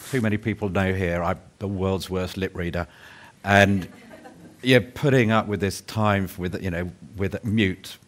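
A man speaking earnestly on a conference panel, halting and restarting as he thinks. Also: sits low. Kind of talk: casual panel discussion.

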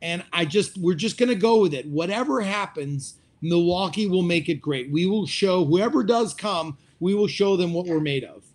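A man's voice: high-pitched, moderate pace, hardly any pauses. A middle-aged man speaking as a restaurateur guest in an interview, reflective and hesitant with frequent fillers, over a video call. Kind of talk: interview conversation.

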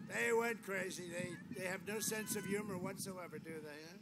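A man's voice: sits high, moderate pace, hardly any pauses. A man giving a rambling, boastful rally speech outdoors, full of repetition and asides. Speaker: political speaker at a rally. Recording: noisy outdoor rally audio.

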